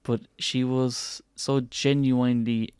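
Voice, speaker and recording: A man chatting on a podcast, animated, laughing often and acting out what other people say. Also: medium pitch, slow pace, smooth, no echo, studio quality. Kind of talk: casual podcast chat.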